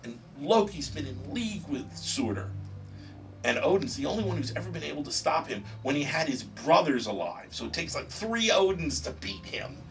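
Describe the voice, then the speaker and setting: A man guest in a casual interview, retelling stories in an animated, excited way with casual swearing. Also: fairly high pitch, normal speed, creaky, far from the mic, soft background music. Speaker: comic book writer guest.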